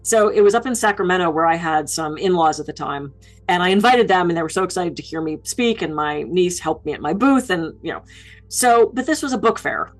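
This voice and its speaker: A woman's voice: fairly low pitch, brisk, soft background music, low-quality recording. A woman keynote speaker giving public speaking advice, telling stories about her own mishaps with self-deprecating humor. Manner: lively self-deprecating storytelling.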